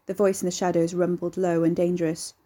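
A woman narrating a dark story in a steady, measured audiobook reading. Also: on the low side.

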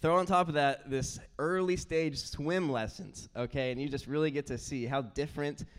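A young man preaching a sermon, telling family stories in an animated way and acting out his kids' voices. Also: on the high side, moderate pace, smooth. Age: young adult. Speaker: pastor.

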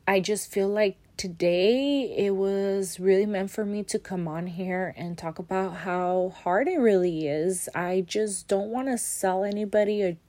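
Slow-talking candid woman podcaster. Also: mid-range voice, darkish tone. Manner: candid, emotional, with frequent fillers and mild swearing. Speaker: podcast host. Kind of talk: personal monologue.

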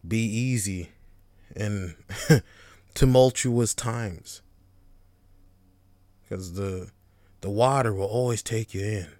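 A man's voice: on the low side, no room sound. A laid-back young man hosting a casual solo podcast, rambling freely with frequent swearing and laughs. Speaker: podcast host.

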